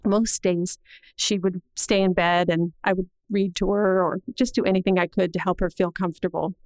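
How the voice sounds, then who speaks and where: A middle-aged woman telling a personal story to an audience in an earnest, measured way, slowing down at the heavy moments. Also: lowish voice, flat delivery, a little mellow, dry recording, rough recording.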